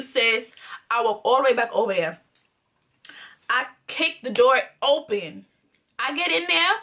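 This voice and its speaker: A woman in her twenties telling a storytime vlog casually, animated and profane, repeating lines for emphasis. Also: high-pitched. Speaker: storytime YouTuber.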